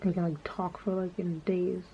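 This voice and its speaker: A woman's voice: lowish voice, flat delivery, normal speed, creaky, breathy edge. A woman talking in a casual, rambling monologue, swearing freely and filling her speech with filler words. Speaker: vlogger. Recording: dull lo-fi sound with faint background noise.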